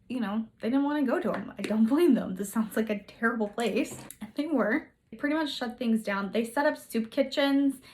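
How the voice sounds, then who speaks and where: A woman telling history in a casual, chatty way, full of sarcastic, playful asides. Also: fairly high pitch. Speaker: history video host.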